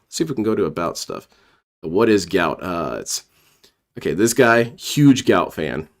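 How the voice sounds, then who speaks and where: A man rambles through sarcastic reaction commentary with a mocking edge. His voice sits low, but his pitch swings widely as he jokes. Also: big pitch swings, moderate pace. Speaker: commentary streamer.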